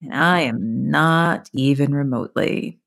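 Low-voiced woman, chatty podcast guest. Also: unhurried, gravelly, a bit bright. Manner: chatty, many fillers and restarts. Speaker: author guest. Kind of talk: casual podcast interview.

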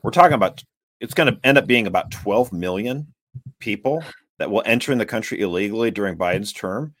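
A man hosting a political talk show, speaking in an animated, emphatic and exasperated way. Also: fairly low pitch, fairly quick. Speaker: podcast host.

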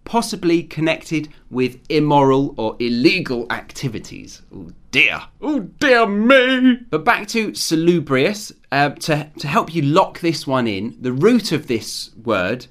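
A man hosting an English vocabulary lesson, explaining words clearly with examples in a friendly, teacherly way. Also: fairly high pitch, very animated, a little slow, hardly any pauses.

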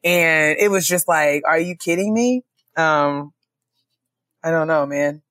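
A woman's voice: low voice, takes it slowly, fairly bright tone, no room sound. A young woman co-hosting a casual chat podcast, joking and laughing often as she tells stories. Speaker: podcast co-host.

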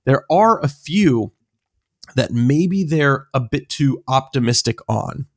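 A man's voice: mid-range voice, lively intonation, slow, no echo, clean studio sound. Hesitant man chatting on a podcast. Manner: hesitant, many fillers, laughs easily. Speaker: podcast co-host. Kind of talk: casual sports podcast chat.

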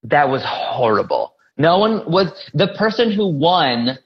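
A man's voice: fairly high pitch, sing-song, a little slow, dull audio. Rambling male podcast co-host. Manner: rambling, with frequent restarts. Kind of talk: casual chat.

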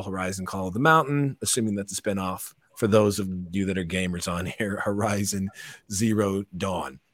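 A man's voice: lowish voice, no echo. Chatty man hosting a news rundown. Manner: chatty, laughs between headlines, asides to crew. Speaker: show host. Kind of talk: casual headline rundown.

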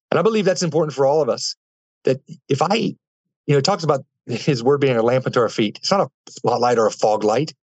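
A young man speaks quickly and earnestly as an interview guest, sharing a personal story of faith with frequent "you know"s and restarts. The sound is dry and a bit dull. His pitch sits in the middle range. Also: dry recording. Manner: earnest, faith-filled, with many fillers and restarts.

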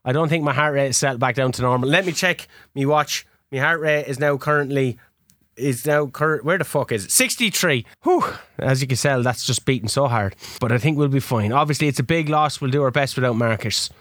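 A young Irish man, a podcast host playing a football management game, chatting excitedly with loud outbursts and plenty of swearing. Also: mid-range voice, fairly quick, no echo, studio quality. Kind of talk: excitable live gaming chat.

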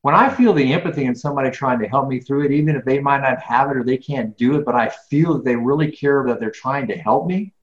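This is a middle-aged guest, a business speaker, loosely talking through casual interview answers with a mid-range voice, quick pace and few pauses. Earnest and rambling, he doubles back on words and heats up when ranting; the recording sounds open, roomy and a little muffled, lo-fi.

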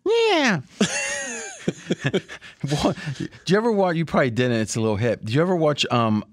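Animated joking man, podcast host. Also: mid-range voice, racing, no room sound. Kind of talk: sports betting podcast chat.

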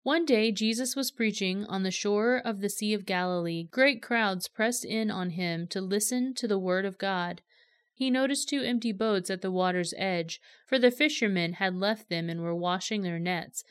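A woman reading scripture aloud in a steady, measured storytelling manner. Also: medium pitch, clean tone, dry recording. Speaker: scripture reader.

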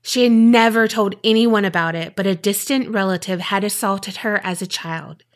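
A woman's voice: medium pitch, fairly bright tone. A young adult woman co-hosting a podcast, reading a listener's letter aloud in an earnest way and teasing her co-host in between.

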